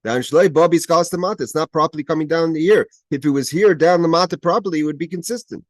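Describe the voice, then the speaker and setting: A fast-talking man with a fairly high voice, recorded with no echo, teaches Torah over a video call. Explaining a Hebrew text line by line, he renders the quotes in English, restarts his sentences often and becomes emphatic where it matters.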